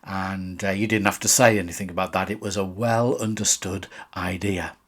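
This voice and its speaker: Calm older man giving a Bible talk. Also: low voice. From England. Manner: calm, unhurried reflective delivery with occasional restarts. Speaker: Salvation Army officer.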